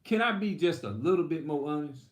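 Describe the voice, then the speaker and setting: A man's voice: on the high side, lively intonation, a little fast, echoey room. A man preaching in a rambling, heated, profane monologue. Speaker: religious video host.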